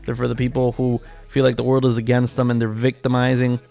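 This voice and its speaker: Gravelly man ranting on a livestream. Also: medium pitch, completely flat delivery, fast talker, dark tone, soft background music. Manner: emphatic, profane, repetitive ranting. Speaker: livestream trading host. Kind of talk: casual livestream rant.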